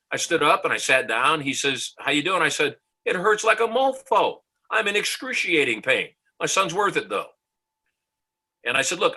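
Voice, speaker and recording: A middle-aged motivational speaker from the US recounts a story with confidence during a podcast interview, voicing the dialogue himself. His mid-range voice comes across bright and forceful on a low-quality recording.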